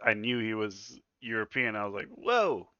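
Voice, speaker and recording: A man co-hosting a casual podcast chat, laughing often and breaking into loud, goofy impressions. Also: lowish voice, level tone, a little fast, smooth, no room sound, lo-fi sound. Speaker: podcast co-host.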